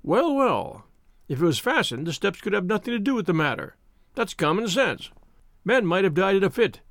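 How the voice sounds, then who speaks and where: Guy doing a wheezy husky blustering cop, full of himself, gravelly and kinda high. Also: sing-song, moderate pace, fairly bright tone, dry recording, clean studio sound, heavily acted. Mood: pompous. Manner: blustering, self-satisfied. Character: stout pompous middle-aged police inspector.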